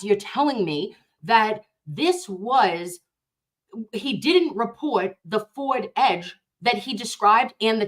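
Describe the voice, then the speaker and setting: A woman from Dorchester with a Boston accent, hosting a casual reaction chat. She talks in an animated, excitable way, swears freely and calls her viewers babe and loves. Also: mid-range voice. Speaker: host reacting to a juror interview.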